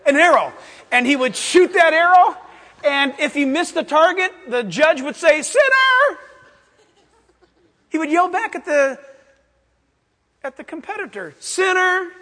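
A man preaching a sermon as pastor, animated, acting out voices and laughing as he teaches. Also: very high-pitched, normal speed. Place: church sanctuary. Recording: long reverb of a large hall.

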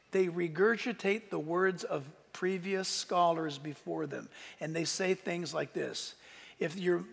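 A man preaching a sermon in a conversational way, with asides to the congregation and shouted peaks of emphasis. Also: sits high, gravelly, long reverb tail. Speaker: pastor.

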